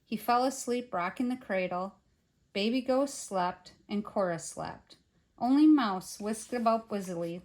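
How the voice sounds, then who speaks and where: An older woman, a grandmother, reading a children's picture book aloud in an expressive way. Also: medium pitch. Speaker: storyteller.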